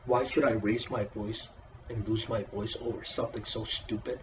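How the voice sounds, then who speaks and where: A man's voice: fairly low pitch, fairly even intonation, moderate pace, recorded from a distance, muffled recording, background noise. A man casually reviewing a wrestling show in a profane, exasperated, sarcastic rant.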